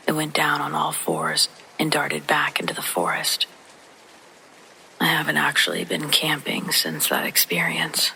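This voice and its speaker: A narrator whispering a true horror story in a soft, hushed voice, with faint rain behind. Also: medium pitch, vocal fry, a little hiss or hum, low-quality recording.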